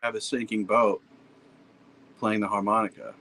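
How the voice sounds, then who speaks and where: A man's voice: fairly low pitch, level tone, moderate pace, sharp tone, poor audio. A man from Pennsylvania, a podcast guest, telling stories in a laid-back, blunt and profane way. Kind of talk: casual storytelling chat.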